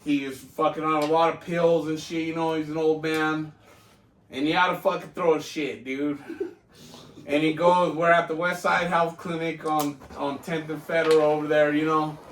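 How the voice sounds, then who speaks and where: A man's voice: a little high, level tone, normal speed, a bit bright. A man co-hosting a podcast, telling a profane story casually and laughing often. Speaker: podcast co-host. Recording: echoey room, mic at a distance.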